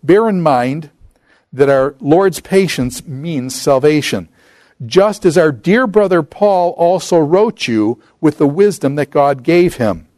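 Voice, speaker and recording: A middle-aged man giving an informal Bible lecture, talking conversationally and slowing down to read scripture aloud. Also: a little high, animated, a little mellow, no room sound. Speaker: Bible teacher.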